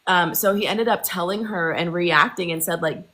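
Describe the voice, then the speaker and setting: A woman's voice: fairly low pitch, moderate pace, a bit bright, poor audio. A woman guest on a casual live chat, retelling a story she read, with hesitant restarts.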